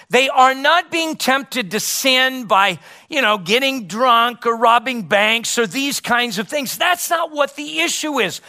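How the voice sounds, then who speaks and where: A middle-aged man preaching a sermon as pastor, emphatic, with rhetorical questions and dramatic pauses. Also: high-pitched, pushed and bright.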